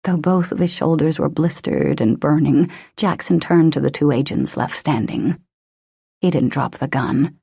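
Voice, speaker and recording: Low, husky woman narrating an audiobook. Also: a little slow, warm tone, dry recording, clean studio sound. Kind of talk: scripted narration.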